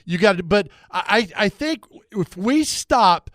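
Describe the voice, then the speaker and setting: An enthusiastic male sports talk host with a voice a bit higher than most men's. He asks questions eagerly and cheers on his guest's answers. The sound is dry and close to the mic. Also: lively intonation, unhurried, fairly bright tone, dry recording. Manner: eager, affirming interviewer. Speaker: radio show host. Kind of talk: sports talk radio interview.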